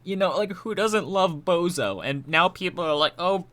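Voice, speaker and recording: A man streaming live, rambling through a mock-tearful fake apology in a deadpan, stammering way. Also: high-pitched, moderate pace. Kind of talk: mock-tearful livestream banter.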